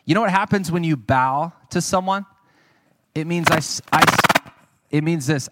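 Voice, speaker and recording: A man's voice: a little high, normal speed, long pauses, very noisy. A man preaching a sermon, telling his own testimony in an earnest, conversational way and speaking to the audience.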